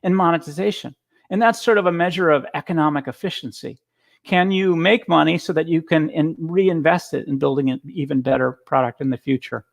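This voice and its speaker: Male speaker, gravelly tone, slightly high, casual storytelling with restarts, video-call audio. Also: fairly quick. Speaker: guest speaker. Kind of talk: conference talk.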